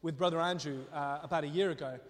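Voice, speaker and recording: Male preacher, impassioned sermon, fairly high voice, long hall reverb. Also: fast. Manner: impassioned, conversational storytelling.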